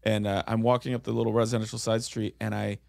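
A man co-hosting a podcast, telling a story in relaxed casual chat. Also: fairly low pitch, quick pace, gravelly. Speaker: podcast co-host.

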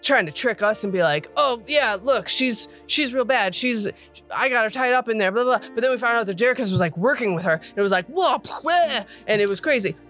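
A woman voicing an excitable, simple young male creature in a tabletop game, rambling breathlessly. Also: a little high, brisk, soft background music, pitched above the performer's own voice. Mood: excited rambling. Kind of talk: tabletop role-play in character.

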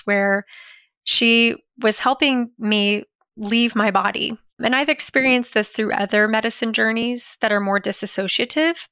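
A woman's voice: mid-range voice, pushed and bright, clear, resonant tone, no echo, studio quality. A woman in her forties telling a personal spiritual story in a reflective, dreamy way, full of "you know" and "like".

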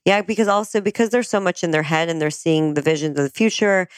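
A woman explaining astrology in a calm, conversational way, often agreeing with her guest. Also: fairly low pitch, fast, no echo.

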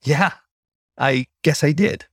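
A bashful young dog-hybrid student, as a male narrator puts him on, raised noticeably above the narrator's own low register. He speaks with shy, stammering hesitation. The audiobook reading is close and dry. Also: takes it slowly, fairly bright tone, breathy edge, no room sound, exaggerated voice.

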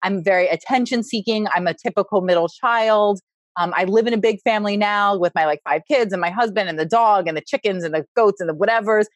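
A woman in her forties talking candidly as a podcast guest, loud and animated, laughing often. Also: mid-range voice, fairly quick, dry recording. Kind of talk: candid conversational interview.

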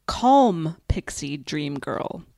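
A woman co-hosting a podcast, giving steady plot summaries with wry asides. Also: low voice, extremely slow, vocal fry, very noisy. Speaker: podcast co-host. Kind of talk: podcast plot recap and chat.

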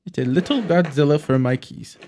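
A man's voice: on the high side, lively intonation, a little fast, dark tone. A man co-hosting a podcast, chatting casually with wry, playful jokes. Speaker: podcast co-host. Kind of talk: casual chat.

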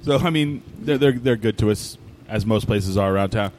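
A man's voice: fairly low pitch, moderate pace, a little hiss or hum. A man co-hosting a casual chat, telling stories and acting out what people said, recorded in a distillery. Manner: animated storyteller, acts out quotes. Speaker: podcast co-host.

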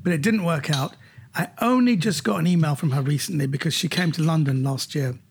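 A middle-aged man, a comedian, recounting anecdotes in an animated way during an interview. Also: fairly quick, gravelly, a little hiss or hum. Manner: animated anecdotes, jumps higher when quoting others. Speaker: comedian guest. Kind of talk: storytelling in an interview.

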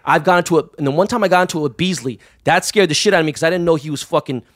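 Fast-talking profane storyteller man. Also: fairly high pitch. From Los Angeles. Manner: profane, animated anecdote-telling with voiced quotes. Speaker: guest. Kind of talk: casual storytelling chat.

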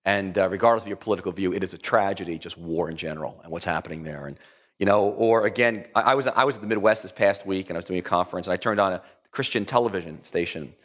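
A man's voice: low-pitched, fast talker, a bit bright, dull audio. A man preaching a conversational sermon as a pastor, rambling with many fillers and acting out quotes.

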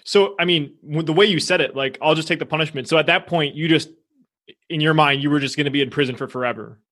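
A man's voice: a little high, fast talker, fairly bright tone. A male host asking curious questions in an interview.

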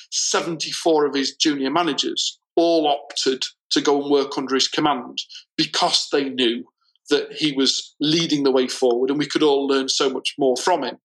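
A man telling a story in casual conversation, slowing down to stress his points. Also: medium pitch, a bit bright, rough recording. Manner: storytelling, deliberate, slows for emphasis. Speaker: guest.

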